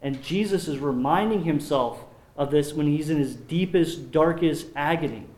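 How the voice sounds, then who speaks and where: A man preaching a sermon as pastor, earnest and measured, often dropping his voice low on solemn points. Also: darkish tone. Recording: roomy echo.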